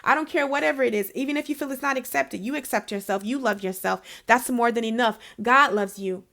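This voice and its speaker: High-voiced woman giving a chatty spiritual reading. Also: brisk, creaky, sharp tone. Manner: chatty and emphatic, laughs often; encouraging, addresses the listener directly. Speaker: intuitive reader. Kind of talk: casual spiritual reading to camera.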